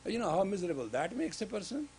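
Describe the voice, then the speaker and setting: A man giving a sermon-style lecture as a spiritual teacher in a gurdwara, speaking emphatically with sudden loud rises on key words. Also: high-pitched, sing-song, quick pace, vocal fry, slight background noise, rough recording.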